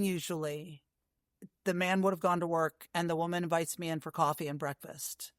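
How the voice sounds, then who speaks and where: A woman being interviewed about a long horseback journey, telling her stories in an animated way with many asides. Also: medium pitch, no room sound, clean studio sound. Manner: animated storyteller with frequent asides. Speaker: guest, long-distance horse rider. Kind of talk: casual interview storytelling.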